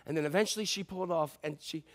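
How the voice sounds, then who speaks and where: Man, middle-aged, pastor, sermon, higher-pitched voice, conversational storytelling, loud-and-soft delivery. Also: fast. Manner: conversational storytelling preaching, swings from loud to quiet.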